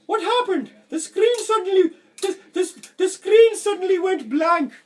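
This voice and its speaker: A man's voice: very high voice, animated, a little slow, voice pushed up. A man squealing as a panicky confused viewer. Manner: squealing, flustered.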